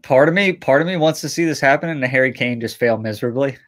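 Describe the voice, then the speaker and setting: A man's voice: mid-range voice, quick pace, fairly bright tone. A young man co-hosting a casual soccer chat, laid-back, mostly agreeing with short remarks. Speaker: co-host.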